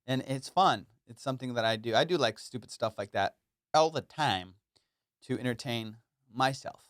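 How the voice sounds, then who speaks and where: A man's voice: medium pitch, normal speed, fairly bright tone, clean tone, no room sound, studio quality. A young adult man chatting casually on his own solo comedy podcast, rambling, playful and self-mocking, swearing freely.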